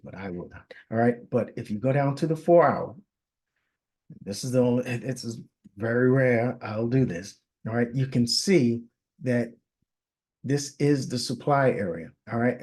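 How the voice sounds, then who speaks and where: A man's voice: mid-range voice, a little mellow, breathy edge. A man giving a casual market analysis, walking through charts conversationally and often checking in with "all right?" while correcting himself.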